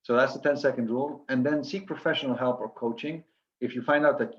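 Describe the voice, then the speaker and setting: A man's voice: medium pitch, a little fast, lo-fi sound. A man giving an earnest coaching lecture to physicians, listing steps with frequent restarts.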